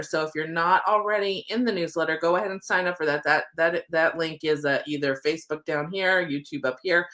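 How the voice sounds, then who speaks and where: A woman's voice: fairly low pitch, a bit bright. A woman hosting a casual livestream oracle card reading, chatty and playful, with some casual swearing. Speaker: oracle card reader and manifesting coach. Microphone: desk setup with computer screens.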